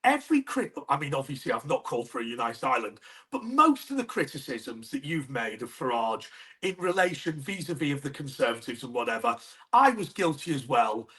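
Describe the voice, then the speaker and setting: English host guy, pitch bouncing all over, keeps jumping in to argue back. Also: big pitch swings, brisk, fairly bright tone. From England. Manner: interjecting, pushes back. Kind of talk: interview debate.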